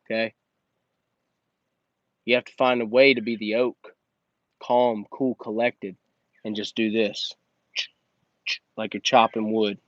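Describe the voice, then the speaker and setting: A man's voice: on the low side, level tone, slow pace, pauses often, no echo. A man hosting a blunt, emphatic motivational monologue, talking straight at the listener like a coach. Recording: dull lo-fi recording.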